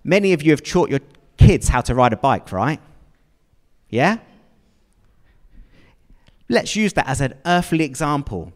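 A man delivers a sermon in a conversational way, often turning to his listeners with questions. His pitch sits a little high and moves a lot. His voice rings with the long reverb of a large hall. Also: sing-song, measured pace, long pauses. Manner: conversational, asks the congregation questions. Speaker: preacher.

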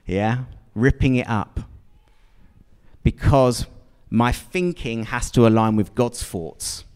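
A man's voice: mid-range voice, takes it slowly, pauses often, darkish tone, clear, resonant tone. A man preaching a sermon to a congregation, chatty and questioning, often checking in with his listeners. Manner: conversational, asks the congregation questions. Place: church hall with long reverb. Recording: long hall reverb.

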